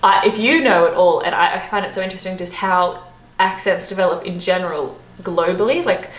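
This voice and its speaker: An Australian woman in her thirties chatting casually to camera in a vlog, animated and quick to laugh. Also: lowish voice. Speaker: travel vlogger. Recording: roomy echo.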